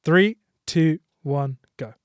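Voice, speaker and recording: A man hosting a casual podcast quiz, reading out lists briskly and laughing along. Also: on the high side, clean tone, no room sound. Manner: quizzing, reads lists briskly. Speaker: podcast host.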